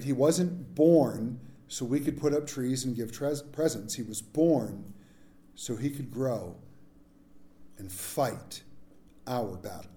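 A man preaching a sermon as pastor, mixing jokes and asides with scripture. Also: medium pitch. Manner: jokey, animated preaching with asides.

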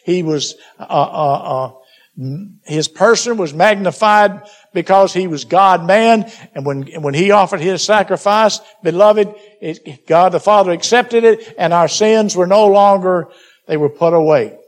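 High-voiced preacher man exhorting. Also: measured pace. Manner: exhorting, addresses listeners as beloved; reads scripture aloud in King James wording. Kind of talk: sermon.

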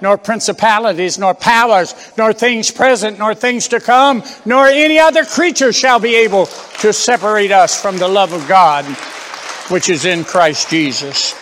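A man's voice: high voice, fairly bright tone, long reverb tail. A man preaching a fervent sermon, firing rhetorical questions and repeating phrases for emphasis.

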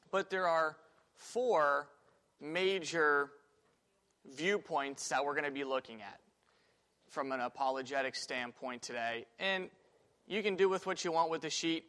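A man with a somewhat high voice teaches a Sunday school class in a church classroom. He talks casually, thinking aloud with fillers and restarts. The recording carries a long, lingering reverb from the room. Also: a bit bright.

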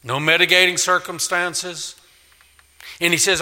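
Brief: man, pastor mid-sermon, piercing bright tone, slightly high pitch, emphatic with big swings from loud to hushed. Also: animated, normal speed. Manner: emphatic, swings from loud declaring to quiet pleading. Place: church sanctuary. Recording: long reverb of a large hall.

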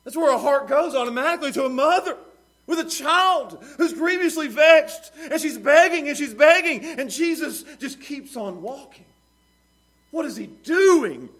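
Middle-aged pastor guy preaching, high voice, gets loud and dramatic acting out the characters. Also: lively intonation, moderate pace. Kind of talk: sermon.

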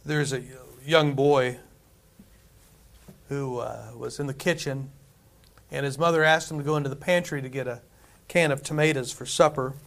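A man's voice: mid-range voice, steady tone, moderate pace, vocal fry, pauses often. A man preaching a conversational sermon, repeating phrases for emphasis. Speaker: pastor.

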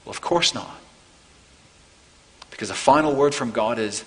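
A man preaching a sermon as pastor, earnest, building to emphatic peaks and then softening. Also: medium pitch, normal speed, long pauses, big-room sound, low-quality recording. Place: church.

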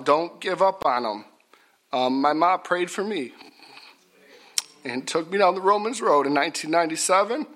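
A middle-aged man preaching a folksy sermon, repetitive and rising to loud emphatic bursts. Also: on the high side.

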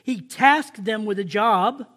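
A man giving an informal sermon to coworkers, talking conversationally, repeating phrases and checking in with a quick "right?". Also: sits high, pushed and bright. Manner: conversational, repeats and restarts phrases, stretches key words slowly; addresses listeners directly with "right?".

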